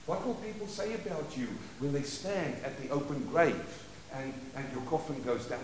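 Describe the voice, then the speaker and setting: A man preaching a sermon as pastor, leading call-and-response and moving between quiet asides and loud declarations. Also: a little high, animated, moderate pace, roomy sound, slight background noise. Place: church.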